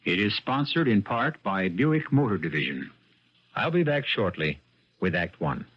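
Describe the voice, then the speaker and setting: A man's voice: on the low side, big pitch swings, moderate pace, background noise. A man hosting and narrating a radio mystery drama, with a wry, arch storytelling manner. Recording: dull lo-fi radio broadcast with music.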